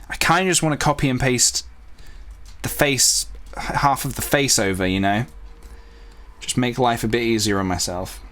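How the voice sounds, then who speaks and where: A man talks loosely to his viewers as he works on a drawing, thinking out loud and drifting into side comments. His pitch sits in an ordinary middle range for a man, and the delivery stays relaxed and unscripted. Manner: rambling, self-talking, playful asides. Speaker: youtuber drawing on stream.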